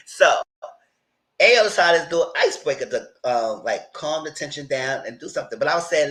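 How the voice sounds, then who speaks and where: A man whose voice sits on the high side talks briskly over a rough recording, delivering a casual recap and review of a reality TV episode. Chatty and animated, he reenacts dialogue in quoted voices and keeps his wording informal.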